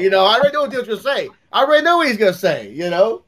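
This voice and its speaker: A man's voice: sits high, rapid-fire, few pauses, over a noisy crowd. A man co-hosting a podcast, chatting loosely and acting out what other people say in mocking voices. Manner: animated, acts out quotes in a mocking voice. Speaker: podcast co-host. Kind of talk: casual banter.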